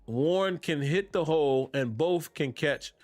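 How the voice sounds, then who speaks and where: A man's voice: a little high, measured pace, darkish tone, no echo. A man hosting a sports fan podcast, talking casually with easygoing slang and frequent laughs. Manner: laid-back Southern-tinged slang, laughs often. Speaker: podcast host.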